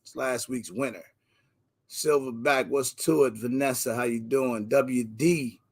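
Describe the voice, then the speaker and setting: Gravelly man hyping up a livestream. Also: mid-range voice, measured pace. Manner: energetic slangy shout-outs to viewers. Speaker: livestream host. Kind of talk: casual livestream chat.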